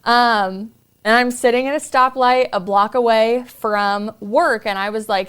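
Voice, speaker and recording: A woman's voice: fairly high pitch, steady tone, measured pace, fairly bright tone, clear, resonant tone. A woman podcast host telling a personal story in an earnest, confiding way.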